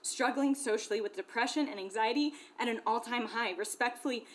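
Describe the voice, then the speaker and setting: A woman's voice: fairly high pitch, fairly quick, a little hiss or hum. A young woman from Glendora, California, a parent giving an impassioned public comment at a school board meeting. She talks earnestly and keeps checking in with her listeners. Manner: earnest, repeatedly checks in with "okay?".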